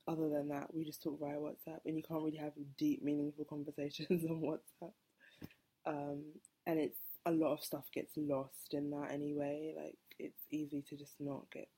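A woman's voice: low voice, warm tone, breathy edge. A woman in her twenties, hosting a casual solo podcast, rambling, correcting herself and laughing often. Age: 20s. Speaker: podcast host.

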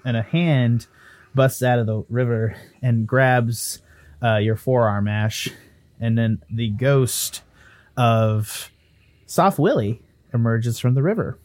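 A man as dungeon master, narrating a tabletop game scene in a measured, dramatic way. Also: mid-range voice, darkish tone, no room sound.

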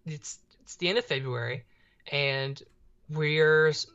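A man's voice: fairly high pitch, takes it slowly, sharp tone, smooth. Young guy cohosting a podcast, rambly and jokey, stumbles a lot, kinda muffled lo-fi sound. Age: young adult. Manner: rambling, joking, stumbles over words. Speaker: podcast co-host. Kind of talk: casual podcast chat. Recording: dull lo-fi audio.

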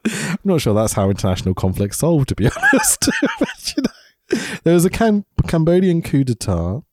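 A man's voice: on the high side, wildly swooping pitch, moderate pace, dry recording, studio quality. A man recovering from a throat infection, co-hosting a casual chat and laughing often. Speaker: podcast co-host.

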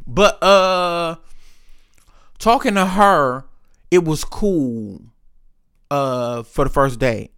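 A man's voice: mid-range voice, a bit bright, clear, resonant tone. A young man hosting a podcast, telling candid, rambling stories in casual chat, full of profanity. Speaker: podcast host. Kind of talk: casual storytelling.

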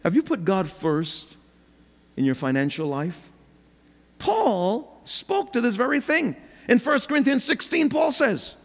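High-pitched, gravelly preaching man. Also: very animated, a little slow. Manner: emphatic preaching with rhetorical questions and humor. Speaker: pastor. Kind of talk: sermon. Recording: long hall reverb.

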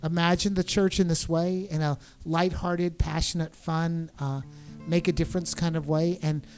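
An American man answering interview questions in a relaxed, joking way, with many restarts and faint guitar music behind. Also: a little high, moderate pace. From United States. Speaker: interview guest, performer. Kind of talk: casual conversational interview.

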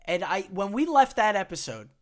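Podcast host guy, kinda high voice, upbeat chatty. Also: big pitch swings, brisk. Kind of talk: casual chat.

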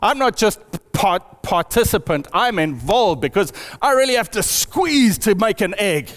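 A man's voice: high-pitched, very animated, measured pace, fairly bright tone, full character voice. A man voicing an earnest hen in a sermon, speaking insistently. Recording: long hall reverb.

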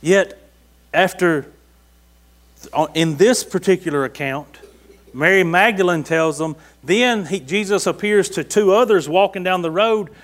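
A man preaching in a high, light voice. He talks to his congregation in a folksy, conversational way, reading a passage and then pressing it home with rhetorical questions. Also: unhurried, fairly bright tone. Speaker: pastor. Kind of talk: sermon.

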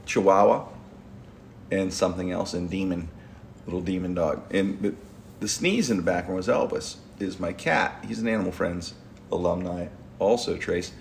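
A man's voice: sits low, moderate pace, gravelly, a little hiss or hum. A middle-aged man, hosting a podcast and telling a long rambling story with restarts and stumbles. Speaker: podcast host. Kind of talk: casual storytelling chat.

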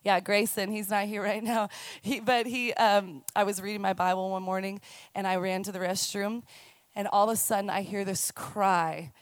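A woman in her thirties, a youth minister, giving a chatty, animated sermon. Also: mid-range voice, no echo. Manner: chatty, animated storytelling with quick asides. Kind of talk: conversational sermon. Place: church stage.

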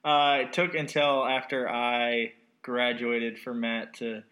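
A man's voice: medium pitch, flat delivery, slow, sharp tone. A man in his twenties hosting a casual podcast interview from an apartment, joking and teasing his guest. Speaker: podcast host.

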